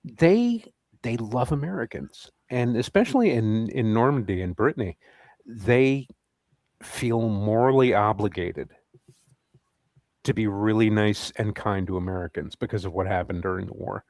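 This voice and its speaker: A man's voice: fairly low pitch, moderate pace, darkish tone, dry recording. A man co-hosting a casual chat, opinionated and blunt, with some cursing.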